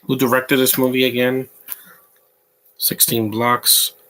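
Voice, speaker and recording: A man's voice: mid-range voice, flat delivery, slow pace, a bit bright. A man giving casual live commentary on a movie, rambling and opinionated as he answers his chat. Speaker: live watch-along commentator.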